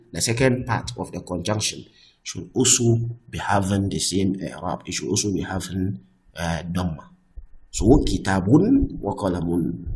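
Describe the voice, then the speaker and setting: A man teaching a grammar lesson, patiently explaining rules and often checking that things are clear. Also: lowish voice. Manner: patient, repeats "I hope that is clear", restarts phrases; reads example phrases slowly and louder.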